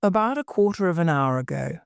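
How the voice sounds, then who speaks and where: A woman reading the part of an anxious but steady young woman who explains things earnestly in a graded story reading. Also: on the low side, a little fast, gravelly, no room sound, clean studio sound.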